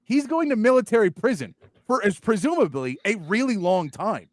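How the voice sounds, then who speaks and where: A somewhat high-voiced man hosting a sports talk show in casual chat. He talks in an animated, mocking way and jumps into little acted bits. The sound is dry and close. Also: normal speed, no room sound. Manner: animated, mocking, acts out movie lines.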